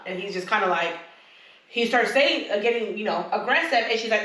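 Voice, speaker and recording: A woman's voice: medium pitch, brisk, a bit bright. A woman co-hosting a podcast, chatting casually and rambling as she acts out what people said. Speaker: podcast co-host. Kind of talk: casual chat. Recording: echoey room, distant mic.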